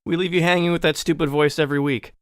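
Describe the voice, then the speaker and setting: A man co-hosting a gaming podcast, dropping deadpan quips in casual banter. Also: a little high, fast talker, clean tone, no echo, clean studio sound. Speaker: podcast co-host.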